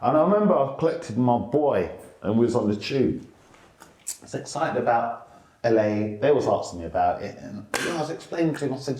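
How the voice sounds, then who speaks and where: A middle-aged male stand-up comedian, telling animated stories in a casual interview. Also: fairly quick, roomy sound. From England. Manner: animated, lively storyteller who jumps up in pitch for quotes.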